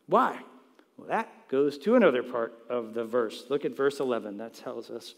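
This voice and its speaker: A man's voice: mid-range voice, sing-song, moderate pace, creaky. A man preaching a sermon as pastor, emphatic and direct, posing rhetorical questions to the congregation and answering them himself. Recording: long reverb in a large hall.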